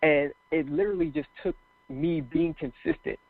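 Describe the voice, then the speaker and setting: A man's voice: a little high, fairly even intonation, moderate pace, dry recording. A man speaking as a guest motivational speaker, talking earnestly and with passion in casual interview chat over a phone call. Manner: earnest, passionate, tells stories with acted quotes. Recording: dry tinny phone line.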